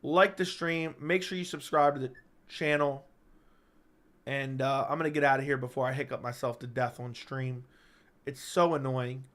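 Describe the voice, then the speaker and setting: A man's voice: medium pitch, steady tone, moderate pace, a bit bright. A man hosting a casual live-stream chat, answering viewers while stuck with hiccups, stopping and restarting his sentences. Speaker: MMA channel host.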